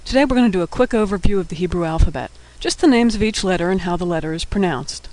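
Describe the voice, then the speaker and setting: A man giving a scripted lesson, naming each letter and explaining its sound in a patient, clear way. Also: sits high, fast, darkish tone, low-quality recording. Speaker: teacher. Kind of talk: scripted instructional narration.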